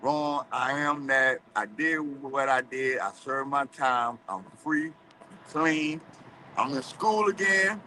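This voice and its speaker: Man, bright voice, faint street noise behind, earnest emphatic talk. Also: medium pitch, takes it slowly, poor audio. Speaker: guest on a livestream.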